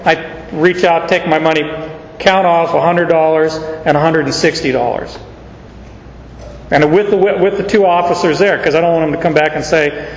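Male preacher, fairly high voice, folksy and conversational; sermon captured in a reverberant hall. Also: fairly even intonation, normal speed, dull audio, slight background noise. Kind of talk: sermon with personal story.

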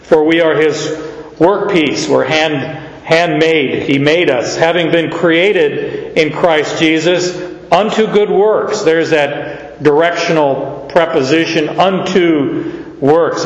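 A man from Canada teaching a verse-by-verse Bible sermon as a pastor, slow and emphatic, asking rhetorical questions. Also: a little high. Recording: echoey hall, dull lo-fi sound.

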